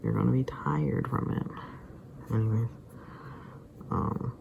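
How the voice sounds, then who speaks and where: Sleepy rambling guy with a gravelly voice. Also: medium pitch, fairly even intonation, slow pace, muffled recording, noisy background. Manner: rambling, drifts into muttered whispers. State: tired, sleepy. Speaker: vlogger. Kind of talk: rambling casual vlog.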